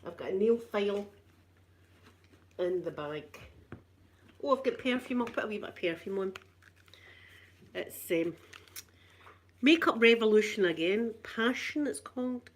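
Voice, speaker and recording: A woman's voice: medium pitch, animated, a little slow, pauses often. A Scottish woman in middle age talks casually to her viewers on a live stream. She has a mid-range voice. She rambles, repeats her phrases and breaks into laughter often. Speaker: channel host.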